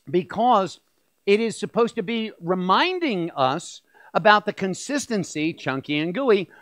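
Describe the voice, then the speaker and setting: A man leading a Passover meal as a rabbi, teaching and chatting lively with the tables. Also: high-pitched, dry recording. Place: church fellowship hall.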